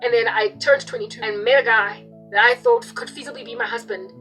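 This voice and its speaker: A young woman with a high voice delivers a fervent religious monologue at a quick clip. She hammers her points home with emphatic repetition. Soft music plays faintly behind her. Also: poor audio. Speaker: Christian video preacher.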